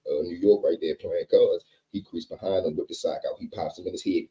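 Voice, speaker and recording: Brief: low, dark-toned man, rapid casual storyteller, lo-fi mic. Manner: animated, acts out every character.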